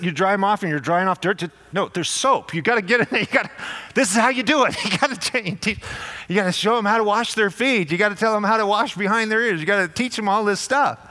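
A man preaches in a loose, conversational sermon style. His voice sits a little high, and he stumbles over repeated words and slips into quoted voices. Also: pushed and bright. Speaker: pastor.

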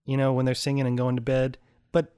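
A woman's voice: rumbling low, completely flat delivery, brisk, warm tone, smooth. A woman co-hosting a casual chat, talking in loose, rambling runs. She giggles often and slips into little sung and acted bits. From American South.

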